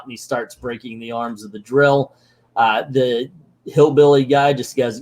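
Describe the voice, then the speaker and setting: An older man recapping a comic book in a casual, sarcastic way, mocking the story and acting out its lines in quick voices. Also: medium pitch, fairly even intonation, darkish tone, raised voice.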